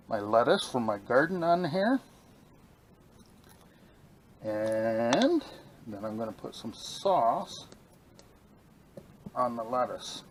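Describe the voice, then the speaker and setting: Excited guy cooking burgers at camp, mid pitch, chatty and rambly, a bit of outdoor hiss. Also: poor audio. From New York state. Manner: enthusiastic, rambling, talks while eating. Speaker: outdoor vlogger. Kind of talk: casual cooking review vlog. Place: outdoors at a campsite.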